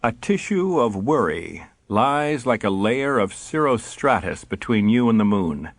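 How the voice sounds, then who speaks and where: A man reading an audiobook in a measured, wry storytelling manner. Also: on the low side, big pitch swings, no room sound. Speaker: audiobook narrator. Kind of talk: scripted narration.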